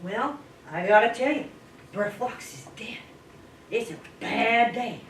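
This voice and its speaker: A woman voicing a big, tough but dim-witted male wolf in a spoken folk tale, with a slow folksy drawl. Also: a little high, lively intonation. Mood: mournful. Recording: echoey room, distant mic, faint hiss.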